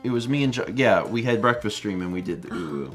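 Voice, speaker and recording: A man co-hosting a live stream, chatting casually and reading out viewer messages in an animated, playful way. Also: lowish voice, fast, faint music behind. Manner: animated, playful, puts on silly voices when quoting. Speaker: co-host of a live stream show.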